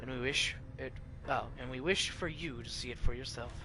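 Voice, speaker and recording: A male streamer reading game text aloud in a stately, measured narrating manner, over game music. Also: mid-range voice, background noise.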